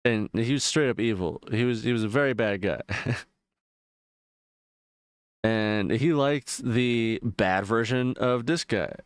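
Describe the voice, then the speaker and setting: A man's voice: medium pitch, takes it slowly, pauses often, smooth, dry recording, studio quality. A male streamer chatting casually while gaming, rambling and swearing freely, full of fillers. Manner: rambling, profane, loose retelling with frequent fillers.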